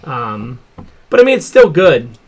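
A man's voice: on the high side, sing-song, unhurried. Casual swearing male podcast host. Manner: casual, swears freely, trails off. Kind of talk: casual chat.

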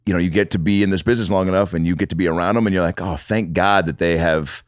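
As a podcast guest, a man tells stories in casual chat, swearing a lot and acting out quotes with animation. His low-pitched voice moves fast, captured in clean studio sound with no echo.

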